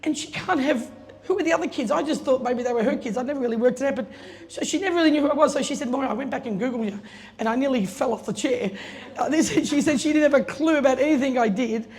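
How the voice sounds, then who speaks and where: Brisk, chatty woman in her middle years telling anecdotes aloud, recorded in a reverberant hall. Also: high voice, a little mellow. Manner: chatty, laughing, acts out quoted voices. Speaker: guest speaker telling a story at an opening. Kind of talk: casual anecdotal speech. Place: event space. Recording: long reverb, faint room noise.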